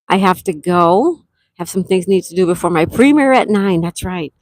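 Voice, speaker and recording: A woman's voice: on the low side, lively intonation, normal speed, a little mellow, no room sound. A woman hosting a casual livestream, greeting viewers by name and reading their comments aloud while she talks. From Western New York. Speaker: livestream host. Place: campsite cabin.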